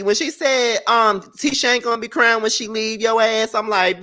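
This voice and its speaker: A man's voice: high voice, moderate pace, hardly any pauses. A man hosting a casual celebrity gossip show, theatrical and dramatic. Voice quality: theatrical, animated. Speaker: show host.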